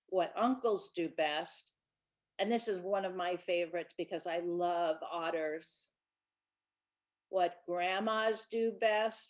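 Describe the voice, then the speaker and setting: A woman who writes children's books, talking casually and chattily about her books, with small restarts. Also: medium pitch. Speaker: children's book author.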